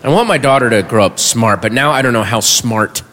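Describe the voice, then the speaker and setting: A man doing stand-up, telling a self-mocking story and shouting his punchlines. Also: medium pitch, fairly quick, a little hiss or hum. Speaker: stand-up comedian. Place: comedy stage before a live audience. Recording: reverberant hall with audience murmur.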